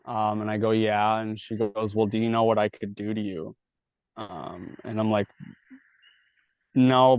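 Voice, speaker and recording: On dull, dry podcast audio with no room sound, a guest with a fairly low, slightly mellow male voice tells his story. He's candid and casual, swears a lot, and plays every role in the conversations he recounts.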